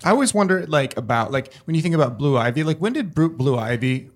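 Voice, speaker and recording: A man's voice: on the high side, expressive, quick pace. A man co-hosting a casual interview, chatty and peppering questions with "like". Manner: chatty, lots of "like". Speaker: podcast co-host.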